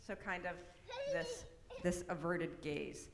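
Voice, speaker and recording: A woman's voice: on the low side, takes it slowly, vocal fry. A middle-aged woman giving an informal workshop presentation, chatty, with frequent "right?" and "um". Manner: chatty, peppers talk with "right?" and "um". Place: large church hall. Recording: echoey hall with long reverb, faint noise.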